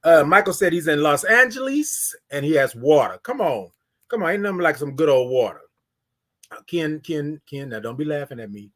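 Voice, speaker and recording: A man's voice: fairly high pitch, moderate pace. A man from Houston with a Texan accent, hosting a live morning talk show, calling out to his viewers and greeting them by name. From Houston, Texas. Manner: animated, preachy call-and-response with the audience. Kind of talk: live-stream morning talk with chat shoutouts.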